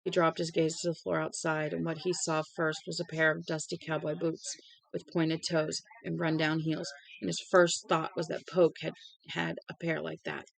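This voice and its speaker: A woman's voice: low-pitched, monotone, normal speed, creaky, no room sound, low-quality recording. A woman reading a novel aloud steadily, with small slips and restarts now and then. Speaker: audiobook reader.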